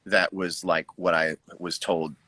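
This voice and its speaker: A man's voice: low-pitched, flat delivery, unhurried, sharp tone, breathy edge, no echo, rough recording. A middle-aged American musician talking casually about his record on a livestream, reflective and joking. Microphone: video call.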